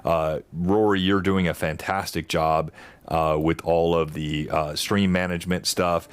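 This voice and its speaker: Male game master for a streamed tabletop game, deeper register, easy laugh. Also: flat delivery, a little slow, smooth, no echo. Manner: thanks chat and players, laughs easily.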